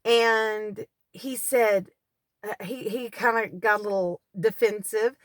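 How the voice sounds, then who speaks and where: A woman's voice: mid-range voice, takes it slowly, dry recording, clean studio sound. Earnest woman telling a testimony. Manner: earnest, animated storyteller who acts out cries. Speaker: deliverance minister. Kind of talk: personal testimony storytelling. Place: parked car.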